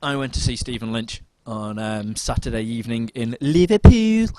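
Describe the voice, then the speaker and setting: A man's voice: mid-range voice, lively intonation, normal speed, noisy background. Chatty young man. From United Kingdom. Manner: chatty, rambling, self-mocking, lots of ums. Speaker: podcast co-host. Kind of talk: casual chat.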